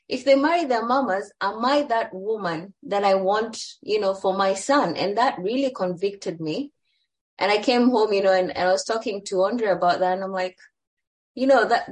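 A woman shares a personal story with her church group in a chatty way, with plenty of fillers. Her voice sits at an ordinary middle pitch. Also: low-quality recording. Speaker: group member.

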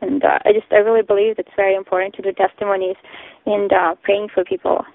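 A woman's voice: medium pitch, flat delivery, quick pace, creaky, no echo. A woman from Ukraine calling a prayer line, speaking hesitantly with many fillers. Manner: hesitant, many ums and uhs. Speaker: caller asking for prayer. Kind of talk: phone call to a prayer line. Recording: tinny phone line, dry.

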